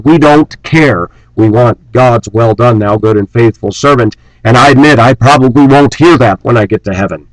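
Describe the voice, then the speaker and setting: A male vlogger delivers an angry, preachy rant full of scorn and sarcasm, mocking opponents in shrill put-on voices. The audio is poor, with no room sound.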